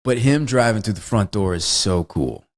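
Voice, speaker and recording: A man's voice: lowish voice, animated, moderate pace. A man co-hosting a podcast, chatting casually about a movie, laughing often, swearing and acting out lines. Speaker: podcast co-host.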